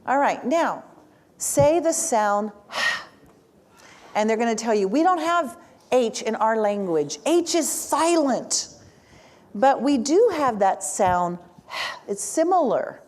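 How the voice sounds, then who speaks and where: Slow, animated woman teaching sounds. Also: on the high side. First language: Spanish. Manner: animated, prompts the audience to repeat sounds. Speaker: speech-language pathologist teaching a workshop. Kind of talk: interactive workshop lesson.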